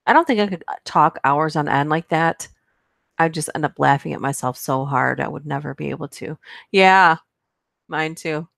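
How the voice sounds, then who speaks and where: Give me a woman with a low voice hosting a casual livestream, chatting playfully with her viewers. She laughs often and keeps an easy, teasing tone. The recording is dry and close, with no room echo. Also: vocal fry, a bit bright. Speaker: livestream host. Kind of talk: casual live chat, reading movie quotes aloud.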